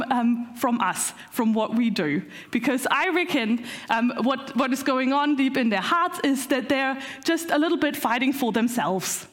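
A woman's voice: high-pitched, a little slow. A woman preaching an informal sermon in a conversational, hesitant way, with many fillers.

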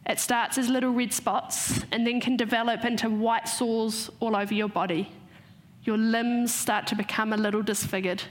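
A woman giving a sermon, retelling a story and slowing down to stress key points. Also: mid-range voice. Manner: storytelling, slows for emphasis. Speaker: preacher.

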